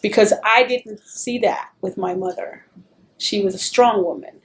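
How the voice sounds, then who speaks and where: A middle-aged woman telling stories in an oral history interview, animated and acting out the voices she quotes. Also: mid-range voice, unhurried, a little hiss or hum.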